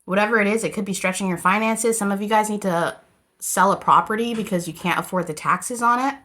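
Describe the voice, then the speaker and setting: A woman's voice: medium pitch, fairly quick, a bit bright. A woman giving a casual, rambling tarot reading to camera, talking straight to her viewers. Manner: chatty, rambling, addresses viewers as "you guys". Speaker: tarot reader.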